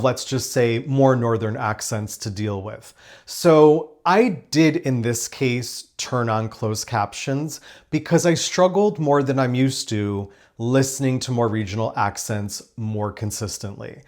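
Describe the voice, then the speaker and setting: A man hosting a casual spoiler review of a crime drama, talking in a chatty, enthusiastic way with rambling asides. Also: mid-range voice. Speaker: TV review host.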